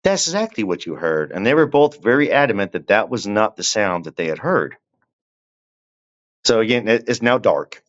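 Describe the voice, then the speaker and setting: A man with a drawl and a low voice, spinning a long, unhurried story as a podcast guest. He keeps turning to the listener with little asides. The audio is dull and lo-fi, like a remote call. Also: expressive, a bit bright. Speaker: guest telling his story. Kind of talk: casual storytelling.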